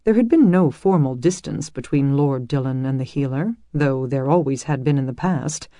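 An audiobook narrator reading a medieval romance in smooth, even storytelling. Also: medium pitch, moderate pace, dry recording, clean studio sound.

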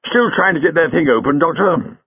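A bustling, gallant elderly gentleman, fussing over manners, as a male reader puts him on. He speaks a little higher and louder than plain narration, with a lively lilt. The sound is dull and lo-fi. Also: fairly quick, breathy edge, dry recording, exaggerated voice. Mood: genial. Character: fussy, genial elderly Victorian gentleman.

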